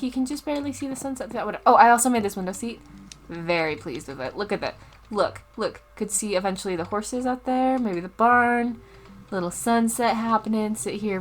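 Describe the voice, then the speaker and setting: A young woman casually commenting on her gameplay as a Let's Play host, chatty and easily distracted. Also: medium pitch. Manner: chatty, easily distracted, loud startled outbursts.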